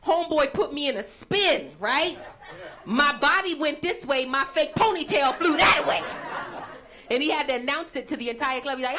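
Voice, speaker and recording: A woman's voice: high-pitched, animated, normal speed. A young woman performing a crude, punchy stand-up set on a stage mic. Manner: brassy, crude, punchy delivery. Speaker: stand-up comedian. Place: comedy show stage before an audience. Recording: noisy live show with crowd.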